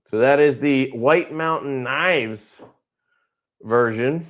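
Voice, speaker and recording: Slow-talking laid-back man on a livestream. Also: mid-range voice. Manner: laid-back, rambling, crude off-color jokes. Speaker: knife company owner hosting a livestream. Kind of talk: casual livestream chat showing products.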